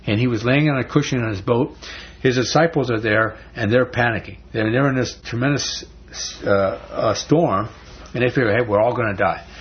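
A man's voice: mid-range voice, moderate pace. A man teaching a Bible study in a conversational, folksy way, often restarting words. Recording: dull lo-fi recording.

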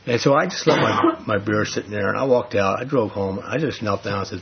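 A man's voice: on the low side, expressive, a little fast, gravelly, breathy edge, lo-fi sound. A man preaching a sermon, telling a personal story earnestly with frequent restarts.

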